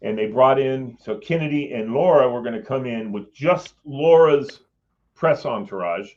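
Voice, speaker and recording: A former Capitol Hill staffer tells a personal story, his mid-range voice animated and a little mellow at normal speed. He rambles casually, swears now and then, and acts out other people's voices, all on dull lo-fi audio.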